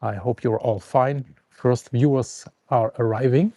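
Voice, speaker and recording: Calm man, mellow voice. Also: mid-range voice, no echo. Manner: calm, unhurried, reads out viewer greetings. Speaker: outdoor vlogger hosting a live news update. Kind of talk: casual live stream chat and news reading. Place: outdoors at a forest camp on the coast.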